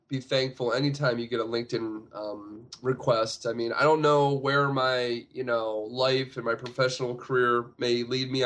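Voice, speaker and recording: A man's voice: medium pitch, fairly bright tone. A man co-hosting a casual sports podcast, rambling with lots of fillers. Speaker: podcast co-host.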